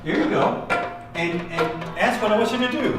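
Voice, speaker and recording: A man's voice: high voice, expressive, normal speed, loud music behind the voice. Encouraging man leading a drum workshop. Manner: encouraging, asks the group questions, repeats praise. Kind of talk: hands-on group music lesson. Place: room with a group of participants. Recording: echoey room from far off, background noise.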